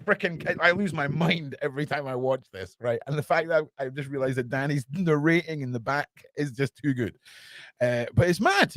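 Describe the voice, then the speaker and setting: A young man hosting a podcast, chatting excitedly and sarcastically in a casual, slangy way. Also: fairly high pitch, moderate pace, no room sound. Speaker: podcast host. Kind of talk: casual livestream chat.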